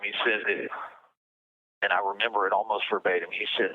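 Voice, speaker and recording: A man interviewed as a guest over a phone line, talking in a halting way and often repeating words. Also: on the low side, level tone.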